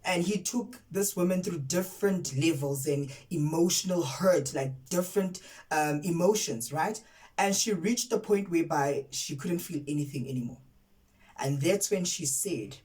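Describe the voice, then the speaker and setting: A woman's voice: low-pitched, a little slow, a little mellow, far from the mic, low-quality recording. A woman from South Africa giving a casual, emphatic spoken review of a TV series, often repeating words for effect. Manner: outraged and candid. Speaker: TV series reviewer, content creator.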